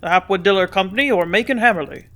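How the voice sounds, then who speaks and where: A woman reading a story, voicing a calculating male stockholder who speaks in a measured, moderate tone. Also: medium pitch, fairly bright tone, close to an everyday voice.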